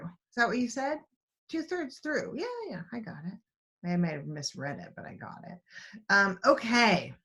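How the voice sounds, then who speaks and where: A woman's voice: on the high side, pushed and bright. A woman teaching a writing class over a video call, talking in a chatty, rambling way full of restarts and asides. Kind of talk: online writing class talk.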